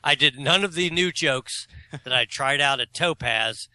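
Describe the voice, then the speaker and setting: A co-host in his forties tells rambling, self-mocking stories in a casual podcast chat, laughing at himself while staying opinionated and argumentative. His voice is fairly high, sharp and unhurried, recorded cleanly with no room sound.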